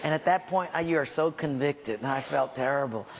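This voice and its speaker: A pastor with a high, light voice preaches to a congregation, telling a self-mocking story and playing every voice in it himself. His words ring with a long reverb through a hall, with a faint hiss underneath. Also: fairly quick. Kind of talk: humorous storytelling sermon. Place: church hall.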